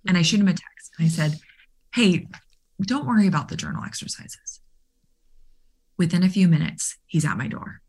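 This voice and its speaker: A woman coach telling a story in conversation, animated and full of fillers, acting out the dialogue she quotes. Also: on the low side, moderate pace, long pauses, breathy edge. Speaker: guest, mental performance coach for baseball players.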